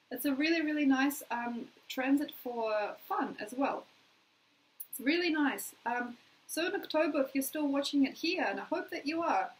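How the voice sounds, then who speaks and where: A woman's voice: high-pitched, a little hiss or hum, rough recording. An Australian woman giving a casual, chatty astrology forecast, playfully acting out little quoted requests.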